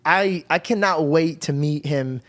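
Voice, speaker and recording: Enthusiastic, slightly high-voiced male host. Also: a little slow, fairly bright tone. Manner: enthusiastic, swears casually. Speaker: podcast host. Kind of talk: casual chat.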